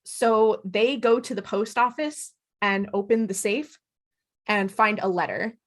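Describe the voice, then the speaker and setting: A woman co-hosting a podcast retells a TV episode in casual chat, acting out the characters' lines with animated energy. Her voice is medium-pitched and a little slow.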